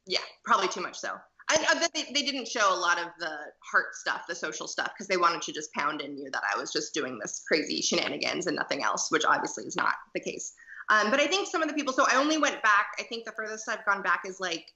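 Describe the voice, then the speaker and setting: A woman's voice: lowish voice, lively intonation, quick pace, sharp tone, echoey room, poor audio. A woman in her twenties, a podcast guest, chatting casually and saying "like" a lot. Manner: chatty, peppered with "like". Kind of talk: casual interview chat.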